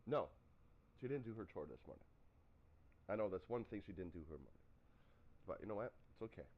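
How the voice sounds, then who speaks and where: Animated man telling stories, lo-fi audio. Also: on the low side, brisk. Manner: animated storytelling, acts out quotes. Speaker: live streamer. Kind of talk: casual chat.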